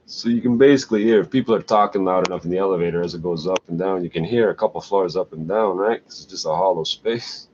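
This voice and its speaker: A vlogger rants in a crude, sardonic, scornful monologue laced with profanity. He talks fast in a deep, slightly mellow voice with few pauses, captured in a dull lo-fi recording with faint hiss.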